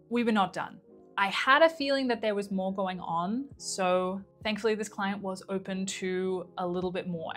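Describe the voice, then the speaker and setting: Woman telling a story to camera. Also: medium pitch. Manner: conversational, re-enacts quotes. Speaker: mind-body coach.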